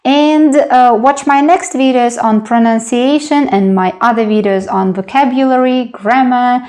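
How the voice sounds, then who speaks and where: A young woman, teaching a slow beginner language lesson and patiently repeating each sound for practice. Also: a little high, a little mellow.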